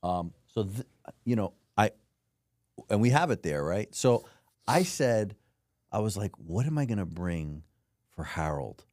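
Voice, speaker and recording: Low-voiced podcast host guy, storytelling with lots of ups and downs, dry close sound. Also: a little slow, pauses often, no echo. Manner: animated storytelling, acts out voices. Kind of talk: casual interview chat.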